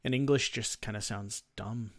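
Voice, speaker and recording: A man's voice: fairly low pitch, normal speed, dry recording, clean studio sound. A man teasing and joking with friends while they play a board game. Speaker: game player. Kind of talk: casual chat while playing a board game.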